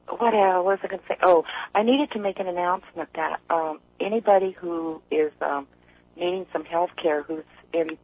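A woman from East Tennessee calling into a radio show, chatty and rambling, quick to laugh. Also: low voice, husky. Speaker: caller. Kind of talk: casual call-in chat. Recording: tinny phone line.

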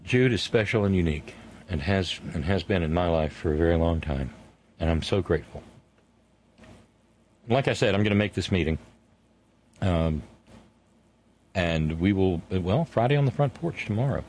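A middle-aged man hosting a talk show, speaking earnestly and haltingly with frequent restarts as he thanks his guest and listeners. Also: low-pitched, lively intonation, a little mellow. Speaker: radio show host. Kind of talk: casual on-air chat and sign-off.

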